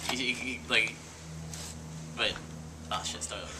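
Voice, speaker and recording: A man's voice: mid-range voice, little pitch movement, unhurried. A young man telling crude jokes among friends, laughing at his own lines and losing track. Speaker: joke teller. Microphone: handheld camcorder. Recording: faint background noise, home camcorder.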